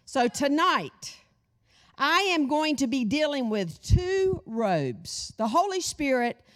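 A woman's voice: sits high, very animated, takes it slowly. A middle-aged woman teaching a sermon, addressing the congregation with questions and call-and-response. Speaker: women's Bible study teacher.

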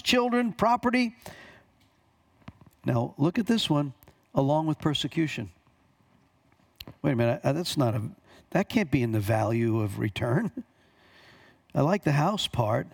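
A man's voice: fairly high pitch, creaky. Emphatic male preacher reading scripture. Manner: reads scripture aloud and comments, with emphatic repetition. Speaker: pastor. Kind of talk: sermon.

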